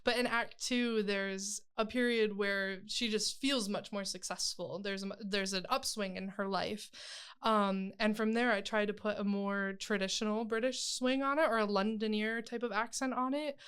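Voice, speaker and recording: A woman's voice: mid-range voice, steady tone, moderate pace, a bit bright, smooth. A young woman stage actor chatting in an interview, rambling and laughing easily. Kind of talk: casual interview chat.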